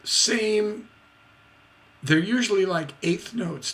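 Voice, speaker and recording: A man's voice: sits high, lively intonation, slow, gravelly, a bit bright. A man teaching songwriting in a livestreamed lesson, scatting syllables to show rhythm and checking in with "right?".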